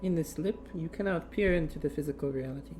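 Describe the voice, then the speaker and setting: A player in a tabletop role-play, speaking in character in a calm, matter-of-fact way. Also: mid-range voice, quick pace, faint music behind.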